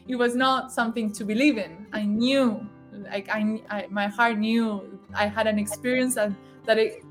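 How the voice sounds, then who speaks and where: A woman telling a personal spiritual story in a casual, emotional way, often laughing and acting out the voices of others. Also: mid-range voice. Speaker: guest sharing spiritual story.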